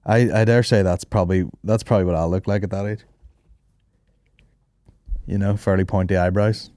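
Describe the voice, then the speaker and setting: A man's voice: sits low, normal speed, no room sound, studio quality. A man hosting a podcast, telling stories casually with plenty of swearing and laughter. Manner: swearing, laughing, animated storytelling. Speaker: podcast host.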